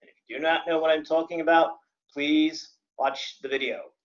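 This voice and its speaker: Man, CPR instructor, lecture, slightly high voice, plain-spoken, dry asides, dull lo-fi recording. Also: fairly even intonation, normal speed. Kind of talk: classroom lecture.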